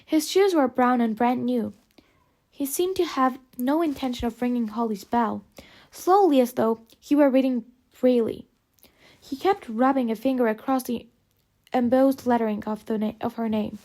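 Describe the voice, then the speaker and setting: A woman reading an audiobook aloud, narrating in measured, phrase-by-phrase delivery. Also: on the high side, dark tone. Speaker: audiobook reader. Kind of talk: scripted narration.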